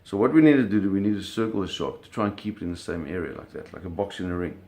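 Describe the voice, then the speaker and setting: Man, middle-aged, slightly low voice, casual storytelling, animated, sound effects, acted quotes. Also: fast talker. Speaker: storyteller recounting a fishing trip.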